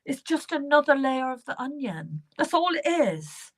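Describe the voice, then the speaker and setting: British woman medium, reassuring, a little high. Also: sing-song, moderate pace. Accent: British English. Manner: warm, reassuring, repeats names and phrases while drawing cards. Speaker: psychic medium giving live card readings. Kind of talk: live online reading.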